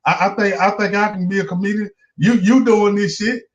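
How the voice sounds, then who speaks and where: A woman's voice: medium pitch, fairly even intonation, dull audio, pitched above the performer's own voice, lightly acted. Man doing a pushy young woman. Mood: eager. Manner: pushy, rapid street talk. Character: skinny young woman comic, eager and brash.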